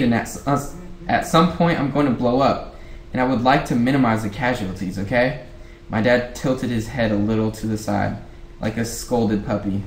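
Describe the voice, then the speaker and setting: A man reading a novel aloud in a relaxed, casual book-club way, often going back over a line. The recording sits in a roomy, echoey space with a faint hiss underneath. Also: medium pitch, normal speed. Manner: rereads lines, breaks off to chat.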